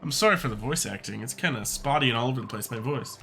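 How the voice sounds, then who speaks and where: A young man chatting casually over a game playthrough, joking and poking fun at himself. His voice is bright and lively, and it swings freely in pitch. Faint game music plays behind him. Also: quick pace, vocal fry. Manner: joking, self-mocking. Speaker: let's-play host. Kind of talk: casual gaming commentary.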